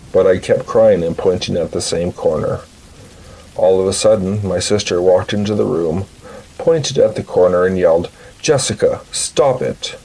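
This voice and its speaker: Low husky guy reading creepy stories, slow and measured. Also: warm tone, low-quality recording. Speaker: horror story narrator. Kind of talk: scripted horror narration.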